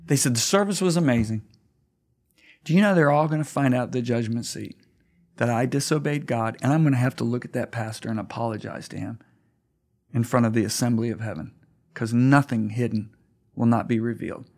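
A middle-aged man, a pastor, telling a story earnestly in a conversation, his voice climbing high when stirred. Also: brisk, a little mellow.

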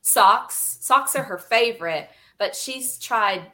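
A woman guest telling animated, laughing stories in casual conversation, often acting out what other people said. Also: a little high, slow.

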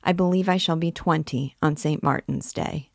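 A woman voicing a deaf young male bell ringer of twenty with a hoarse, guttural voice and plain answers. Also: low-pitched, moderate pace, no room sound, clean studio sound. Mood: earnest.

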